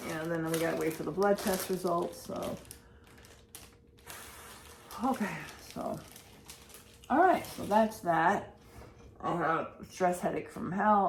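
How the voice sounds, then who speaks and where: A woman's voice: lowish voice, gravelly. A woman vlogging casually at home, rambling and repeating herself in an anxious, emotional way. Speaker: vlogger and pet owner. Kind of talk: casual day-in-the-life vlog. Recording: roomy with faint background noise.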